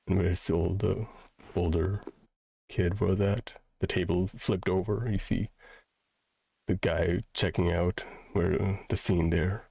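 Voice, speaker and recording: A man narrates a tabletop game in a deep voice with a gravelly, husky edge. He paces his descriptions slowly and pauses often. The sound is dry and close. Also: dark tone, no room sound. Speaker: game master.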